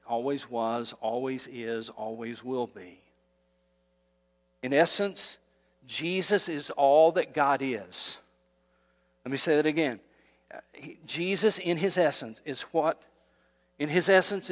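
A male pastor delivering a sermon, emphatic and repetitive, building intensity as he preaches. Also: mid-range voice. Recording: long hall reverb.

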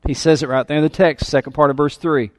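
A man's voice: a little high, steady tone, fast talker, dry recording, studio quality. A male pastor preaching a sermon with emphasis, calling out questions to his congregation. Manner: emphatic, calls for congregation response. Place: church sanctuary.

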